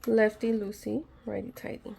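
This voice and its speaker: A woman's voice: mid-range voice, level tone, moderate pace, creaky, warm tone, husky. A woman talking casually to her viewers while doing a craft repair at home, chatty and a little nervous, joking about her own methods. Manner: chatty, nervous, self-deprecating, talks to viewers while working. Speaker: craft vlogger. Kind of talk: casual DIY tutorial chat.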